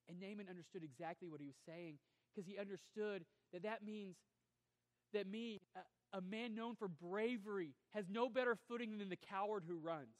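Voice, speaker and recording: A male pastor preaching a sermon, swinging between forceful emphasis and quiet, drawn-out lines. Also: high voice. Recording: long hall reverb.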